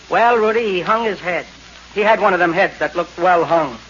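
A man's voice: sits high, moderate pace, background noise. A man telling a brash, wisecracking comic story as a 1930s radio comedy monologue. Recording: lo-fi old radio recording.

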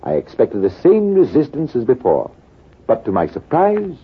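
A composed army major in a 1940s radio play, telling his war story in a measured way. His husky voice rises and falls in a lively way. The recording is thin and tinny. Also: mid-range voice, full character voice. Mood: calm. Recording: tinny, lo-fi old radio broadcast.

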